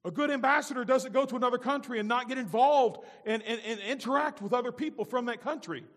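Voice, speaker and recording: A man preaching a sermon as pastor, moving between loud emphatic lines and soft, low-spoken asides. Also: fast talker, in a large hall.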